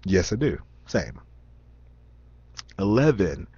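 Low-voiced chatty man, Southern Indiana accent. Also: big pitch swings, slow, warm tone, breathy edge, dry recording. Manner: chatty and rambling, with many ums, restarts and laughs. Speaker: vlogger. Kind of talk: casual accent-tag talk reading questions aloud. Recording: dull lo-fi sound, dry.

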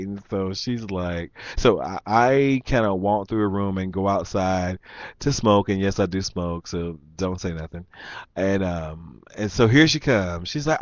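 A man hosting his own show tells a rambling party story, chatty and laughing, and throws asides to his listeners. His voice sits on the low side. The recording is dry and slightly dull, with a lo-fi edge. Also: animated, a little slow, dry recording. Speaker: show host. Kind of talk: casual storytelling monologue.

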